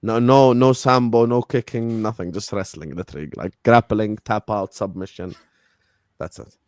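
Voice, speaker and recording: A man's voice: fairly low pitch, fairly even intonation, normal speed, dry recording, studio quality. A man hosting a casual podcast chat, loose and filler-heavy, full of slang. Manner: laid-back British slang, filler-heavy. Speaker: host.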